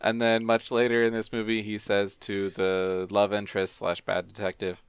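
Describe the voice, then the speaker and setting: A man's voice: lowish voice, monotone, moderate pace, clean tone, no room sound. A man co-hosting a casual movie review podcast, talking in a dry, understated way. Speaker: podcast co-host.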